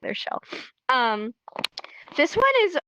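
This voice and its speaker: A woman's voice: high-pitched, very animated, slow, bright, forceful tone, slight background noise. A young woman from California teaching sign language on a casual livestream, chatty and laughing often as she acts out examples.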